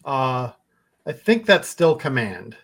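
A man running a tabletop role-playing game as game master, describing scenes haltingly with many pauses. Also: medium pitch, sing-song, a bit bright, poor audio. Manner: halting, full of uh fillers while describing.

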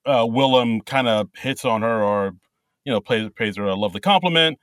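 A man co-hosting a podcast, talking haltingly about comedy sketches with many fillers and chuckles. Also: mid-range voice, a bit bright, smooth, no echo. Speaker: podcast co-host. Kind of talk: casual chat reviewing comedy sketches.

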